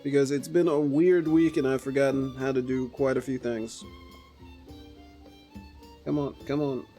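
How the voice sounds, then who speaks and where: A man streaming a game, chatting casually and flipping between low mutters and gleeful outbursts. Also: fairly even intonation, unhurried, dark tone, faint music behind. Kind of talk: casual gameplay commentary.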